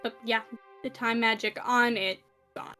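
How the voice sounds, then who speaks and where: A woman running a tabletop game, her voice high and bright. She narrates slowly and unhurriedly, stopping often with fillers as she thinks. Faint music plays behind her. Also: steady tone. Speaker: game master.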